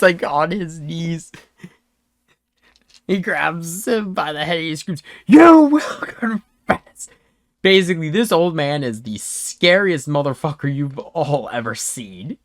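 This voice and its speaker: A man's voice: high-pitched, a little slow, dry recording. Guy gm narrating a tabletop game, laughing and cussing a lot, dry sound. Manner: animated, laughing, swearing, rambling asides. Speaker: game master.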